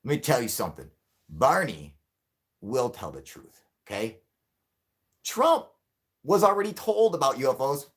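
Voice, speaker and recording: A man rambling through a casual livestream chat about UFOs, swearing freely and breaking into laughs. His pitch swings widely, from low mutters to loud mock-angry bursts when viewers rile him. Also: very animated, moderate pace, pauses often. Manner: rambling, profane and joking, often laughing; gets loud and mock-heated when riled. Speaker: host of a UFO livestream.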